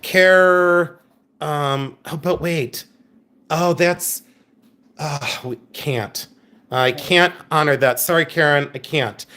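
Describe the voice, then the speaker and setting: A man's voice: a little high, a bit bright. A man hosting a live online jewelry sale, chatty and playful, often laughing and greeting viewers by name. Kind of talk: live online sales stream.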